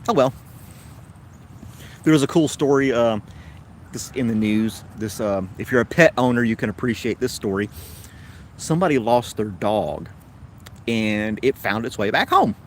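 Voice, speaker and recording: A man's voice: medium pitch, lively intonation, moderate pace, pauses often, slight background noise. A man with a Tennessee accent hosting a casual livestream chat, rambling along in an easygoing way. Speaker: host.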